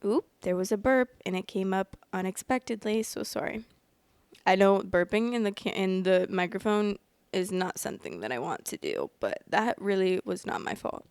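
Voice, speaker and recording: Rambling woman host with a gravelly, smooth voice. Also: mid-range voice, animated, moderate pace, a little mellow, no room sound. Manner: rambling and apologetic, many fillers like "like"; often yawns while talking. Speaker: podcast host reading online stories. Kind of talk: casual chat and story reading. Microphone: close microphone.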